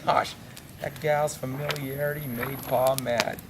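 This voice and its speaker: A man's voice: mid-range voice, moderate pace, very noisy. A man telling a folksy comic monologue at a campfire in hick dialect, chuckling at his own punchlines. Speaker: campfire storyteller. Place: outdoors at a campfire.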